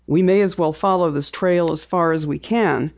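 A woman narrator reads the part of a gruff, middle-aged newspaper editor, brisk and probing, in a lowish voice. The recording is dull and lo-fi. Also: natural voice.

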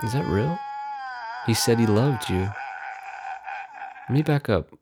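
A man rambles through his own podcast in loose, casual talk at an ordinary middle pitch. He swears freely, drifts off topic and teases himself, and he keeps calling the audience dude and bro. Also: expressive, measured pace, noisy background. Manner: profane, rambling, self-mocking, talks to viewers as "dude" and "bro". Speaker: podcast host.

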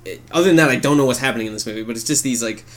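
A man co-hosting a podcast in casual chat, animated and swearing freely as he acts out scenes in silly voices. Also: mid-range voice, racing. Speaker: podcast co-host.

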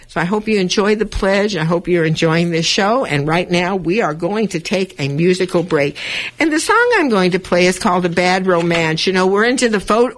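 A woman hosts a community radio show, speaking from the studio straight to her listeners. She talks in an animated, chatty way. Her monologue stays encouraging and self-affirming throughout. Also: mid-range voice.

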